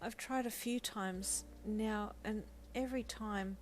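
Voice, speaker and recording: A woman voicing a gentle young man who stammers and pleads earnestly in a fan fiction audio reading. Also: medium pitch, slow, a little hiss or hum, voice pushed up, lightly acted. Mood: pleading.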